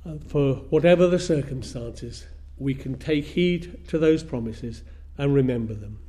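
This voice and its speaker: A man preaching a sermon in a measured way, repeating phrases for emphasis. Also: medium pitch, dark tone.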